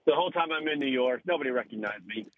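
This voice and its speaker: A man's voice: medium pitch, fast talker, dry recording, narrow, tinny audio. A man guesting on a radio show, telling a story in casual chat. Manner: animated, laughs while telling stories. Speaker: podcast host guest.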